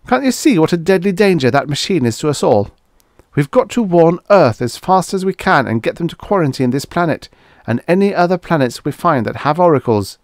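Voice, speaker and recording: A man's voice: on the high side, sing-song, moderate pace, no echo, studio quality, pitched above the performer's own voice. A man voicing a frightened spaceman who pleads urgently in a raised voice. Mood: urgent, pleading.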